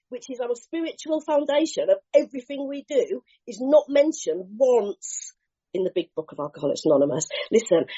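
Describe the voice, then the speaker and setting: A woman's voice: mid-range voice, dull audio. A woman, speaking at a recovery meeting and telling her story earnestly and with animation. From England. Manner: earnest, animated storytelling, mimics other voices. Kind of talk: personal share at a recovery meeting.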